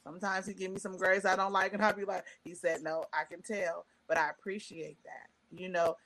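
Animated woman telling a story, bright voice. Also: fairly low pitch, brisk. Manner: animated, quotes people in voices, emotional. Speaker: stand-up comedian guest. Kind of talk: casual storytelling chat.

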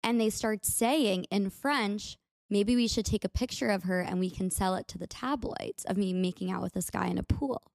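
A woman's voice: mid-range voice, moderate pace, gravelly, darkish tone, no room sound, studio quality. A young American woman hosting a podcast, telling a story in a chatty, upbeat way with lots of "like". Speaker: podcast host. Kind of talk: casual storytelling monologue.

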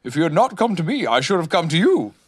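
A man's voice: fairly high pitch, sing-song, fast talker, pitched above the performer's own voice. A man doing a pompous, muddled old owl. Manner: pompous, rambling, hesitant.

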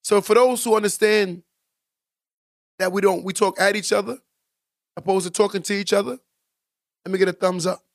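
A man's voice: high-pitched, steady tone, normal speed, vocal fry, pauses often, dry recording, studio quality. A man co-hosting a casual podcast, talking emphatically and preachily, repeating points for stress. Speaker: podcast co-host.

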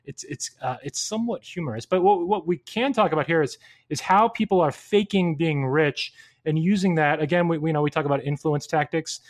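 A man from California co-hosting a casual chat, relaxed and reflective, with small restarts. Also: fairly high pitch, a little fast. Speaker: co-host.

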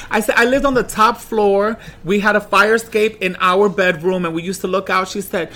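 Animated high-voiced man telling stories. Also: normal speed, few pauses. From Washington Heights, New York. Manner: animated storyteller, laughs often. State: tipsy. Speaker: guest. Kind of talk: casual podcast chat.

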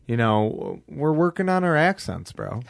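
A young man talking loosely on a podcast, full of fillers and casual swearing. His voice sits at an ordinary pitch and is recorded close and dry, with no room around it. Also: sing-song, slow pace, vocal fry, no room sound. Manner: laid-back, swearing, laughing, rambling with fillers. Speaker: podcast co-host. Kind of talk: casual chat.

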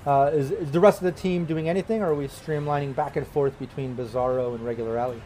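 A man's voice: medium pitch, steady tone, fast, dark tone, slight background noise. A man running a tabletop role-playing game as game master, narrating the action in a loose, casual way full of fillers.

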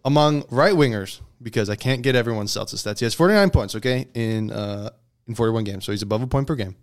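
A man's voice: medium pitch, fast talker. A man hosting a casual sports podcast, debating hockey picks and reading out stats with frequent "okay?" check-ins. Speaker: podcast host.

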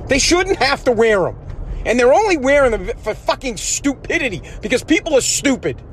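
A man's voice: very high voice, very animated, brisk, a little hiss or hum. A man hosting a solo podcast, ranting in an aggravated, profane way with many restarts, recorded in his car. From United States. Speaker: podcast host. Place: in a parked car.

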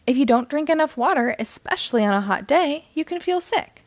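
A woman's voice: high voice, lively intonation, fairly quick, no room sound, pitched above the performer's own voice. A woman doing a caring mom. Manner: warm, caring.

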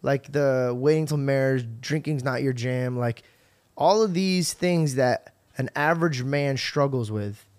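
A male podcast host talking in an effusive, excitable way, swearing casually in a relaxed chat. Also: mid-range voice, unhurried. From grew up in a Middle Eastern culture.

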